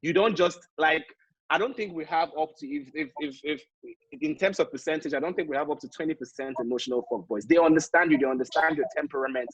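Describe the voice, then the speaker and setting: Husky-voiced Nigerian man hosting a chat. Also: fairly high pitch, quick pace, a bit bright, dry recording, dull audio. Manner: playful, teasing, hesitant with fillers. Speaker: host. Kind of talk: casual panel discussion. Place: online live show.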